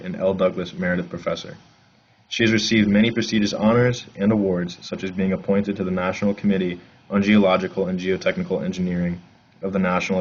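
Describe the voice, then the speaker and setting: A man hosting a podcast, reading a guest's introduction from a script. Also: sits low. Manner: fast, flat reading of a bio. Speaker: podcast host. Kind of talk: read introduction. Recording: dull lo-fi audio.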